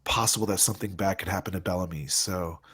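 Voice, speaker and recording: Deep, husky-voiced man player. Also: steady tone, quick pace, fairly bright tone. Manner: jokey, proposes plans. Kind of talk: casual tabletop role-play.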